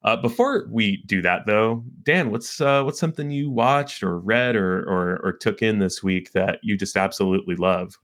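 Deep-voiced joking podcast co-host. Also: male voice, fairly bright tone. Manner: joking, playful, quick to laugh. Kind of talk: casual chat.

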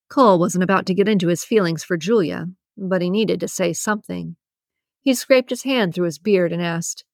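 A woman narrating a romance audiobook in a steady, even storytelling manner. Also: lowish voice, moderate pace, creaky, no room sound, clean studio sound. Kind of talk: scripted narration.

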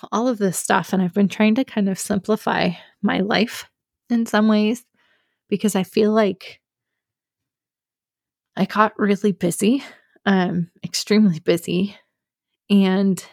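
Candid woman with a gravelly edge. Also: medium pitch, steady tone, a little slow, long pauses, darkish tone, no room sound, studio quality. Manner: candid, confessional, many fillers. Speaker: podcast host. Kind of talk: personal solo podcast talk.

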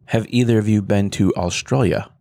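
A man co-hosting a casual talk show, relaxed and matter-of-fact. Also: fairly low pitch, moderate pace, creaky, no echo, studio quality. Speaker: co-host. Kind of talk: casual chat.

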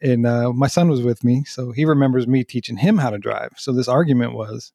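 Husky-voiced man telling family stories. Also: medium pitch, brisk, dark tone, no room sound, clean studio sound. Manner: earnest, self-deprecating, laughs through stories. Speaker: podcast co-host. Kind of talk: candid personal storytelling.

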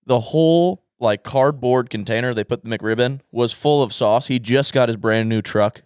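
A man's voice: mid-range voice, moderate pace, a little mellow, clear, resonant tone, no echo, studio quality. A young man in casual podcast chat, rambling through a funny story, swearing and laughing often. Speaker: podcast co-host.

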